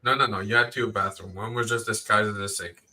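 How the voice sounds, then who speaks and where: A man's voice: lowish voice, steady tone, brisk, sharp tone. A man whose first language is French, joking and teasing crudely while tasting beer in a casual chat.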